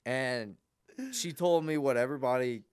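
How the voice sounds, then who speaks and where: A young man, a podcast co-host, telling a long, rambling story in a casual, animated way. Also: medium pitch, moderate pace, smooth, no room sound, clean studio sound.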